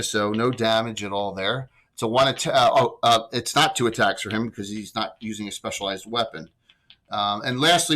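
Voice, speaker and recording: A man running a tabletop game as game master, chatty and loose, with quick rules asides. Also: on the low side, pushed and bright, slight background noise, rough recording.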